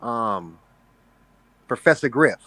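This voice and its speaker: A man's voice: mid-range voice, animated, slow pace, bright, forceful tone, no echo, low-quality recording. A man calling into a livestream panel, blunt, slangy and emphatic in casual chat.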